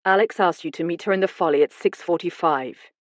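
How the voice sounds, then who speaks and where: A woman voicing a male police detective who questions a suspect in a measured, insistent way. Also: fairly low pitch, no echo, clean studio sound, close to an everyday voice. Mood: firm.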